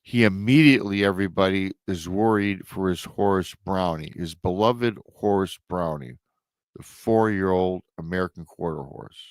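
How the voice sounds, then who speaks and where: A man's voice: deep voice, moderate pace, dry recording, studio quality. A man hosting a show, dramatically retelling a listener's emailed story with emotional asides. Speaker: host reading listener accounts. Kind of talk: storytelling podcast narration.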